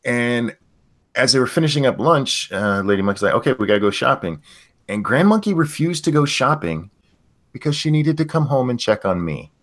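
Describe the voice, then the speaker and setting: A man's voice: medium pitch, big pitch swings, normal speed. An older man hosting a casual livestream chat, telling stories with swearing and jokes. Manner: profane, joking storyteller. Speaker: stream host.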